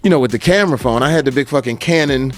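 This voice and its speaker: Male podcast guest, animated storyteller who does voices. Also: mid-range voice, rapid-fire. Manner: repeats words, laughs, acts out quoted voices.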